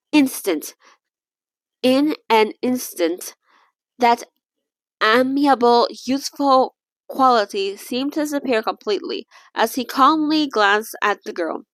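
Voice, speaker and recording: A woman's voice: a little high, fairly bright tone, no room sound. Woman reading a novel aloud, dry sound. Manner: stumbles and restarts, laughs and comments between passages. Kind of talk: casual read-along with asides.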